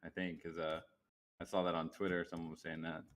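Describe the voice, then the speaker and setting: A laid-back man co-hosting a casual livestream, with a very deep voice. He drops dry, short remarks. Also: level tone, fairly quick. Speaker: co-host.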